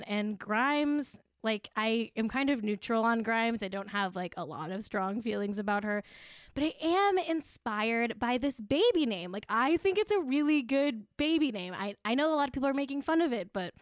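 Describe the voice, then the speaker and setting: A woman's voice: on the high side, clear, resonant tone, no room sound, clean studio sound. A young woman hosting a live web show, chatting casually and mocking herself, with frequent giggles and lots of "like.". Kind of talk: casual live-stream chat.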